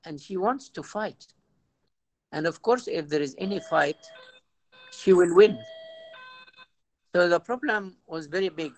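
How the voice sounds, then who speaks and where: Gravelly-voiced priest, halting delivery. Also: male voice, high voice, no room sound, low-quality recording. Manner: halting, repeats words, tells anecdotes. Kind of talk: informal talk to a youth audience.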